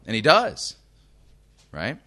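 A man from the United States preaching a sermon, reading scripture slowly and emphatically and checking in with his listeners. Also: mid-range voice, huge pitch swings, sharp tone.

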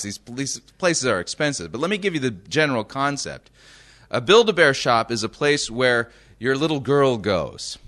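A man from the United States preaching a sermon, reading scripture slowly and emphatically and checking in with his listeners. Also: mid-range voice, fairly bright tone.

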